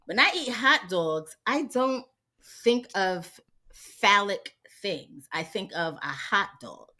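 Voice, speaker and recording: A woman's voice: mid-range voice, expressive, slow, bright, forceful tone. Wry New woman co-host. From New York, Harlem. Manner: wry, laughing asides. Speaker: podcast co-host. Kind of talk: casual chat.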